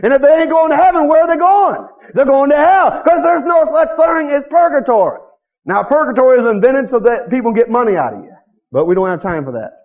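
A man's voice: extremely high pitch, expressive, fairly quick, darkish tone, muffled recording. A man preaching a sermon as pastor in a folksy, repetitive way, often calling out to the congregation for an answer.

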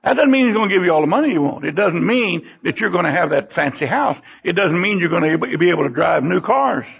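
An older preacher tells stories from the pulpit in a high, heavily gravelly voice. His tone is husky, and he breaks into lively exclamations. The recording sounds dull and lo-fi. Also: fast talker. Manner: storytelling, animated exclamations. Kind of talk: sermon.

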